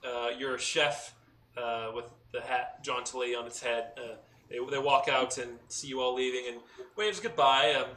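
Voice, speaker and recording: A man narrating as game master of a tabletop game, talking in a relaxed way with many fillers. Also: mid-range voice, moderate pace. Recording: roomy echo, mic at a distance, faint noise.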